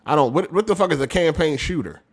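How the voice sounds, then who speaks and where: A man hosting a casual gaming podcast livestream, reading viewer messages aloud, talking loud and animated, laughing often, in street slang. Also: fairly high pitch, fast, creaky, breathy edge. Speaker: podcast host reading super chats.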